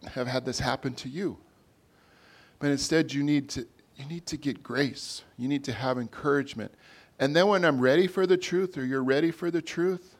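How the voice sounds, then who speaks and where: A male pastor with a medium-pitched voice preaches a conversational sermon, his volume swelling and dropping as he drives home each point.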